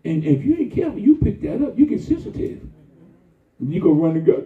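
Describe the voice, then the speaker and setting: An older man preaching a sermon in a colloquial, animated style with sudden high-pitched exclamations. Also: a little fast. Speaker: pastor. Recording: echoey, distant, dull sound.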